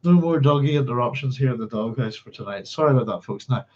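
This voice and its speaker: A man with a mid-range, expressive, slightly mellow voice talks quickly while hosting a book club livestream, chatty and apologetic, humming to himself as he hunts through his notes. It's casual stream chat, captured with a slightly dull lo-fi sound.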